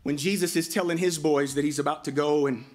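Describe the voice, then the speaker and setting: A man's voice: on the high side, fairly quick. A man, a pastor, giving a heartfelt storytelling eulogy at a memorial. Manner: heartfelt, storytelling, breaks into lively voiced quotes.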